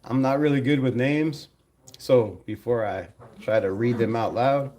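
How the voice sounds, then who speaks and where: Man, live stream host, casual commentary, animated, chatty. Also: medium pitch, unhurried. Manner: animated, talks to chat, laughs often.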